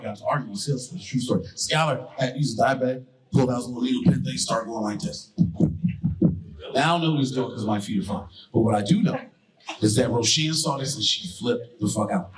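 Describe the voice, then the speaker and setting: A man performing a stand-up comedy set on stage, telling profane stories loudly and baiting the crowd. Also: medium pitch, rough recording. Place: comedy stage before a live audience. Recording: live crowd laughter and applause. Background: audience laughing and clapping.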